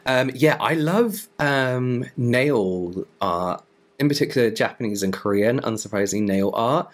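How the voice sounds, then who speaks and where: A man's voice: medium pitch, expressive, measured pace. A young man with a Southern English accent answering viewer questions in a casual, rambling vlog, full of asides and "like". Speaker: beauty YouTuber.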